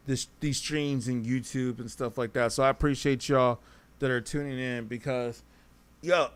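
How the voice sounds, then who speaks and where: A man's voice: fairly high pitch, fairly bright tone, clean tone. A man hosting a casual livestream podcast, talking straight to his chat in a rambling, self-correcting way. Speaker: podcast host reading live chat.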